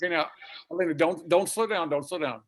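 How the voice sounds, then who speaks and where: A man's voice: a little high, fast talker. A man coaching a young singer in a virtual master class, demonstrating phrases and encouraging her as he talks. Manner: encouraging, demonstrative, sings and speaks example phrases. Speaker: vocal coach and pianist. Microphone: video call.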